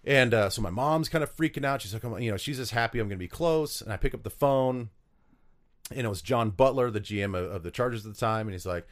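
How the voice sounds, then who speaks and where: A quick-paced man of medium pitch, formerly a pro football player from South Dakota, answers interview questions with stories. He rambles, leaning on fillers and starting over repeatedly.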